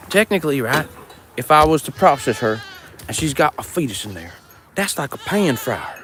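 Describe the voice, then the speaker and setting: A man's voice: mid-range voice, sing-song, normal speed, a bit bright, a little hiss or hum. A man vlogging on his farm in crude, profane, joking casual chat. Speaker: farmer vlogger. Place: farm, outdoors with goats.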